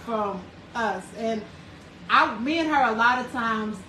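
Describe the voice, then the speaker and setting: A woman's voice: a little high, unhurried, reverberant, distant mic, soft background music. A woman with a Southern US accent hosting a cooking livestream, chatting and greeting viewers by name. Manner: chatty storyteller, warm greetings, drawling. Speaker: livestream host. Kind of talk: casual chat, reading viewer comments aloud.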